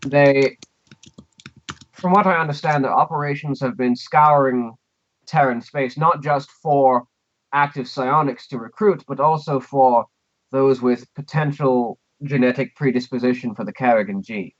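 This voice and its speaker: A man's voice: medium pitch, unhurried, dull audio, close to an everyday voice. A man putting on a posh British lady informant. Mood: briefing. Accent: put-on posh British. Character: posh upper-class British woman informant, measured. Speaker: game master voicing a character.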